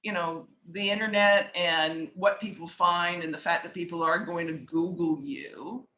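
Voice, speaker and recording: Chatty bright-voiced woman storyteller. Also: lowish voice, fairly even intonation, a little slow, reverberant, poor audio. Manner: chatty, acts out dialogue in anecdotes; frequent filler words. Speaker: author and investor guest. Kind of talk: casual storytelling talk.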